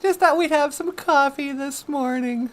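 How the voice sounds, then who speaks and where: A woman's voice: high voice, a little slow, a little hiss or hum. A woman hosting a comedic talk show, easygoing and playful, taking her time. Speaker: host.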